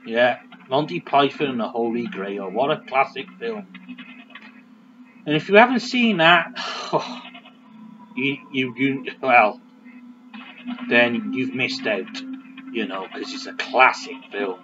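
A man's voice: medium pitch, expressive, slow, long pauses, sharp tone, lo-fi sound, a little hiss or hum. A man casually commentating a video game, chatty and joking as he rambles. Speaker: let's play host.

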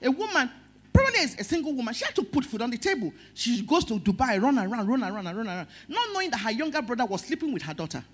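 A middle-aged woman with a Nigerian accent preaching a sermon as pastor, emotional, swinging between loud stress and soft words. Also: a little high, big pitch swings, fast, slight background noise.

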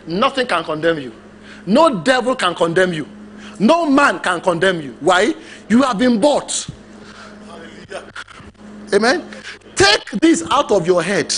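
High-voiced, animated preacher. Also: male voice, slight background noise. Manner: emphatic, animated preaching with call-and-response. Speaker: pastor. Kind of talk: sermon.

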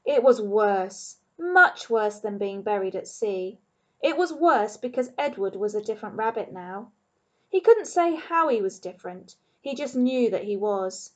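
A woman reading a storybook aloud. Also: medium pitch. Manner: calm, expressive storytelling. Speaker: primary school teacher. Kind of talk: reading a children's novel aloud. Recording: dull lo-fi recording.

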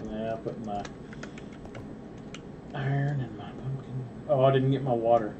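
A woman co-playing a game, calm and matter-of-fact in casual chat. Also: very deep voice, measured pace, muffled recording, noisy background. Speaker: co-player.

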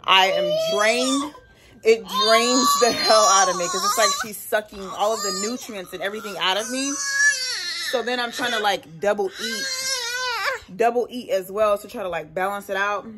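A woman's voice: medium pitch, normal speed, very noisy. A young woman, a single mom working from home, chatting candidly to her phone camera in a casual vlog, swearing now and then. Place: at home, laundry room and house.

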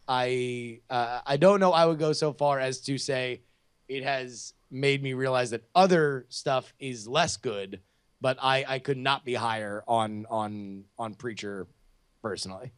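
A man talks through TV opinions in a loose, rambling podcast chat, circling back on himself with lots of "like" and "you know". His voice is smooth and clean, at an ordinary pitch. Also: unhurried. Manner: rambling, many restarts and fillers. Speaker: podcast co-host. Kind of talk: casual chat.

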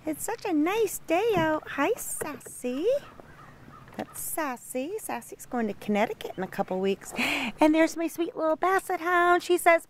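A woman's voice: sits high, lively intonation, a little slow, a little hiss or hum. A woman in her sixties, an animal rescuer chatting casually outdoors while filming, cooing affectionately at the dogs.

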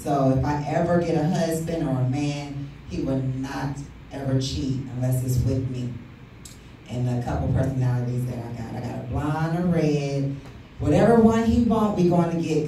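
A woman in her thirties performs a brash, profane stand-up set on a comedy club stage, teasing the crowd. Her voice is low-pitched and dark, recorded from far off in an echoey club room with slight background noise.

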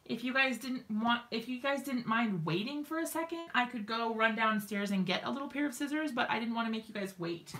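Home crafting streamer, woman: bright, slightly high voice, unhurried chatty delivery, lots of fillers and little laughs. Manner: chatty, giggly, lots of ums and likes. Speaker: crafting live-stream host. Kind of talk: casual live-stream chat.

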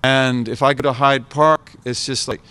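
This American man in his seventies talks informally to an audience as a visiting scholar, reflecting and repeating phrases for weight. His mid-range voice is smooth with a sharp tone, fairly even intonation and a moderate pace.

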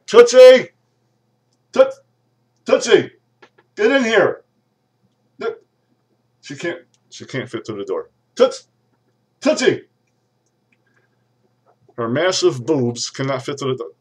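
A man's voice: medium pitch, natural voice. A man playing a pompous, irate lawyer who rants and threatens to sue everyone, recorded on a webcam. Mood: shouting. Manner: ranting, threatening lawsuits, sudden shouts. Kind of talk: comedic webcam character rant.

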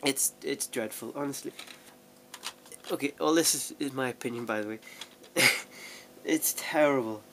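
Young guy, home vlogger, rambling and self-mocking, mid-pitched voice, faint room noise. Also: normal speed. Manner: chatty, self-deprecating, laughs often, many restarts. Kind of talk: casual rambling vlog chat. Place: at home sorting DVDs.

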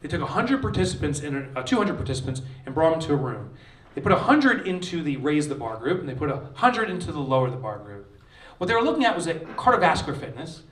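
Guy doing a lively keynote talk, bit higher voice, echoey hall, sounds kinda far from the mic. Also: fast. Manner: animated, acts out quotes with shouts and laughs. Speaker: author giving a conference keynote. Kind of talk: energetic keynote speech with storytelling. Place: large conference hall, live audience.

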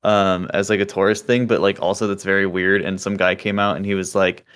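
A man's voice: sits low, level tone, a little fast, fairly bright tone, smooth. A young man in casual stream chat, joking and sarcastic, swearing freely as he riffs with his co-host.

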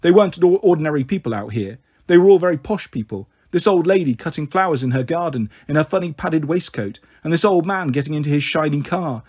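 A man reading a children's storybook aloud, expressive and voicing each character. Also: fairly high pitch, husky. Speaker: audiobook narrator.

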